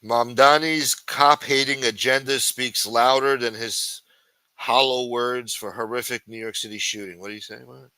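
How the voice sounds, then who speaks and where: A livestream show host with a bright, forceful, medium-pitched voice reads news articles aloud at normal speed, fairly even in intonation, and rips into them with crude, mocking, profanity-laden sarcasm. The rough recording is close and dry, with no room sound at all.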